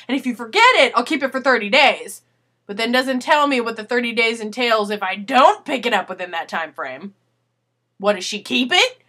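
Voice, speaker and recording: A young woman telling a story in a casual video letter, animated and swearing, acting out what people said. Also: a little high. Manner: animated, swearing, acts out quotes.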